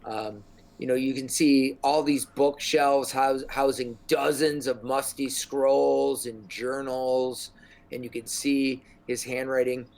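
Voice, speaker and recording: A man's voice: mid-range voice, steady tone, slow, vocal fry, darkish tone, low-quality recording. Rambling male game master. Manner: rambling, many ums and likes. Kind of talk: narrating a tabletop game.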